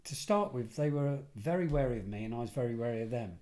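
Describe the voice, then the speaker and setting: A middle-aged English man speaks at an ordinary middle pitch, spinning anecdotes in an easygoing way. He backs up and corrects himself mid-sentence as the story runs on, keeping the tone of a relaxed chat. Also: fast. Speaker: podcast guest, former detective and security head. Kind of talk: casual storytelling.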